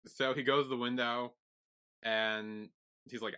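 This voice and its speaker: A man co-hosting a casual recap podcast, calmly retelling the plot step by step. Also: medium pitch, a little slow, smooth. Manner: calm, retelling plot in steps. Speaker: podcast co-host.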